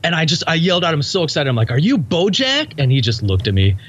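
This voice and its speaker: A man's voice: medium pitch, lively intonation, rapid-fire, fairly bright tone, muffled recording, a little hiss or hum. A man telling a ranting, exasperated story in casual chat.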